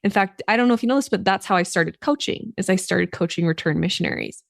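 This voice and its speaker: A woman's voice: mid-range voice, fast talker, vocal fry, no echo, clean studio sound. A woman podcast host and coach, speaking sympathetically and affirmingly to her guest. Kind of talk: interview conversation.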